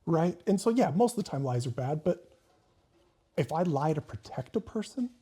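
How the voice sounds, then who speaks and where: A man thinks aloud in a casual talk, building his ideas step by step with searching phrasing. His voice is deeply mellow and dark, with a husky, breathy grain. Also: big pitch swings, moderate pace. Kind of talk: casual reflective conversation.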